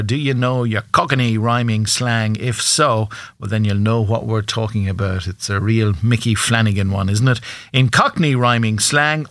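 A man's voice: medium pitch, no room sound. A man hosting a breakfast radio show, chatting casually and running a quiz on a studio microphone. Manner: chatty, relaxed, talks straight to listeners.

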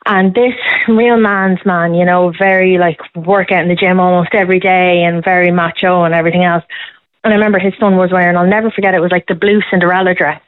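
A woman's voice: lowish voice, steady tone, no room sound. A woman, calling in to a radio show and chatting emphatically about parenting. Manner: chatty and emphatic, quick laughs. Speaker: caller. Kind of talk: casual radio phone-in chat. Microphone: phone. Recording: tinny phone line, dry.

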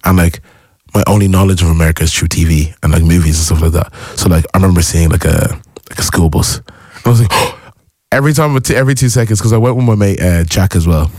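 A young man with a very deep, low voice tells stories in a relaxed interview. He gets excitable and acts out his own reactions along the way. The sound is dry and close, with no room around him. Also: fast, dry recording. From Ireland. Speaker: musician guest. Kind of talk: casual interview chat.

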